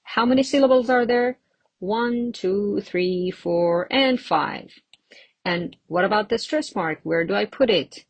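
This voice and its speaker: A woman teaching English word stress in a casual lesson, drawing words out slowly and laughing lightly between examples. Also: medium pitch, expressive, slightly rough, no echo. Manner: slow, drawn-out demonstration of words, with light laughs.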